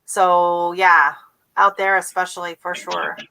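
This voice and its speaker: A middle-aged woman from the United States hosting a casual livestream chat, talking warmly and laughing often as she mimics accents. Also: lowish voice, steady tone, takes it slowly, creaky, low-quality recording. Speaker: host.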